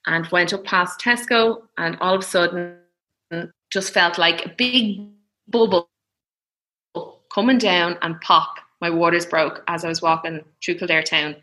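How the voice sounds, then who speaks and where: Chatty Irish woman, bright voice. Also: fairly low pitch, steady tone, unhurried. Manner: chatty, laughs often, acts out quoted voices. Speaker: mother telling her birth story. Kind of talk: casual storytelling chat.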